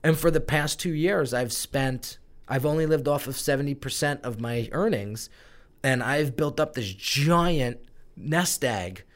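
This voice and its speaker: A man's voice: mid-range voice, measured pace. A man telling his own story in a conversational interview, candid and emotional, swearing now and then. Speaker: guest, brand strategist.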